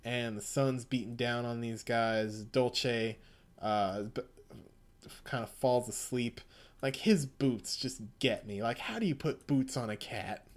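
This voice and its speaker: A man's voice: medium pitch, a little slow. A man in casual chat, recapping a manga in a rambling, chuckling way. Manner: rambling, chuckling, laid-back storytelling. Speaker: podcast co-host.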